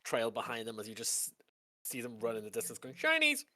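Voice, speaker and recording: A game master narrating a tabletop game, describing scenes in a relaxed, joking way. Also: mid-range voice, fairly quick.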